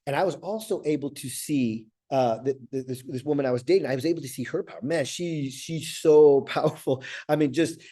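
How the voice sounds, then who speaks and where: A man's voice: a little high, a little fast, hardly any pauses, dark tone. A middle-aged man giving a motivational coaching talk, earnest, often repeating words and checking in with "right?". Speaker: life coach.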